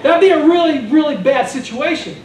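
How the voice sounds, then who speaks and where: A man preaching a sermon as pastor, animated and joking in a conversational way. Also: extremely high pitch, fairly quick. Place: church sanctuary. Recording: echoey room from far off.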